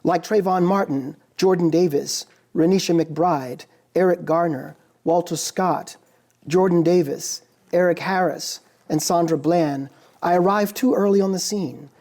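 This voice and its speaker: Dark-toned male professor lecturing deliberately. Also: high voice. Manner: measured, deliberate, dramatic pauses. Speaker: philosophy professor giving a lecture. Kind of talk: formal lecture reading. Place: lecture hall.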